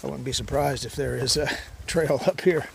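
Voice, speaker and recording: A man's voice: medium pitch, steady tone, moderate pace, gravelly. Rambling hiker man on a noisy trail. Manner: rambling and easygoing, many "uh" fillers. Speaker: long-distance hiker vlogger. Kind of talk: casual vlog monologue. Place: outdoors on a mountain hiking trail. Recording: outdoor noise behind the voice.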